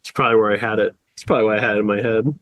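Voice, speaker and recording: Rambling, laughing sick dad co-host. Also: male voice, fairly low pitch, fairly even intonation, very fast, a bit bright, no room sound. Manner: rambling storyteller, acts out quotes, laughs often. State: sick, just woke up. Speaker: podcast co-host. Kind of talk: casual chat.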